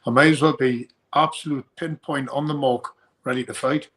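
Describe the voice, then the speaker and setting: A man's voice: mid-range voice, fairly even intonation, moderate pace, a bit bright. A young man, a fighter being interviewed, talking in a rambling way and often repeating his first words. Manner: rambling, repeats words when starting sentences. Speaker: bare-knuckle fighter guest. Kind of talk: casual interview chat.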